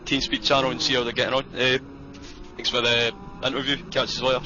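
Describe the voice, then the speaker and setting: A man's voice: medium pitch, level tone, quick pace, sharp tone. A man chatting casually as a race co-commentator, laughing often and hesitating between words. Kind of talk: casual booth banter. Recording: dull lo-fi stream audio with music.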